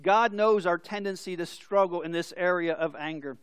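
A man's voice: sits high, normal speed, smooth, no room sound. A male pastor preaching a sermon, explaining scripture and telling stories with acted-out voices.

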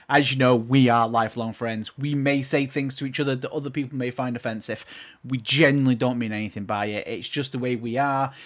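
A man hosting a casual podcast, talking in a lively way with laughter and restarts. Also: a little high. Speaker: podcast host.

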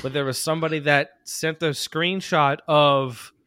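A man with a bright, forward voice and a slightly raised pitch, co-hosting a podcast. He talks in a loose, profane, rambling way and laughs often. The sound is dry and close. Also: steady tone, unhurried, clean tone, no echo. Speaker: podcast co-host. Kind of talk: casual chat.

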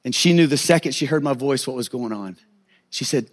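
A man's voice: mid-range voice, animated, fast talker. A middle-aged male pastor giving an earnest, confessional sermon, sharing personal testimony with many stammered restarts.

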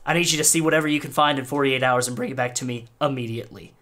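A game master voicing a brisk, commanding male vampire prince in a tabletop game, who rattles off orders in quick clipped bursts. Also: mid-range voice, a bit bright, natural voice.

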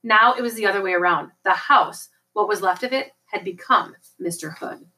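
A woman reading a novel aloud as an audiobook, in a steady storytelling manner. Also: medium pitch, normal speed, rough recording. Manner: steady storytelling with occasional slips and restarts. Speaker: audiobook reader.

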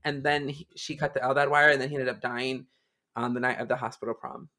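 A young man in casual chat with friends, excitedly retelling sad TV scenes like gossip. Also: medium pitch, fast talker.

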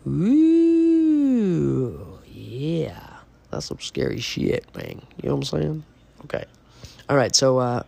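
A man's voice: mid-range voice, vocal fry, darkish tone. A man hosting a podcast, casually telling a ghost story to his listeners in a rambling way full of fillers and the odd swear word. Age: adult parent. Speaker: podcast host.

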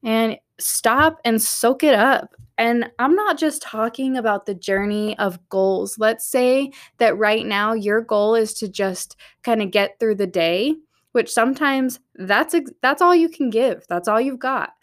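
A woman's voice: on the high side, unhurried. A woman hosting a podcast, talking candidly and upbeat, encouraging her listeners from her office at night. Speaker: podcast host. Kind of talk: motivational solo podcast talk.

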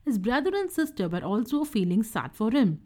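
A woman narrating a children's storybook, reading in a clear, gentle and expressive way. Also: a little high, normal speed.

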